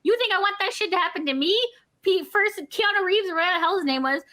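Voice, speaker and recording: High, bright, animated woman. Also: fast. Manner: rambling, profane, animated storytelling. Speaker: podcast co-host. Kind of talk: casual chat.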